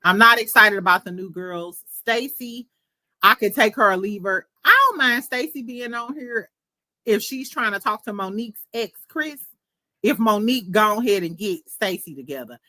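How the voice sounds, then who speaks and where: A woman's voice: medium pitch, lively intonation, moderate pace, pushed and bright, no echo. Sassy woman, gossip host, laughs a lot, dry close sound. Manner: chatty and sassy, laughs often. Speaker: podcast host. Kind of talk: casual gossip commentary.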